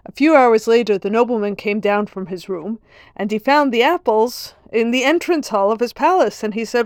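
A woman's voice: on the high side, normal speed, dry recording, clean studio sound. A woman giving an earnest religious lesson, telling a parable in a storytelling manner. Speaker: Torah teacher.

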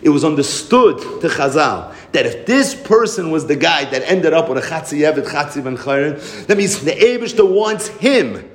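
Animated man teaching a Torah class. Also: fairly high pitch, moderate pace, echoey room. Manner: animated, acts out voices in the story, mixes Yiddish and Hebrew terms.

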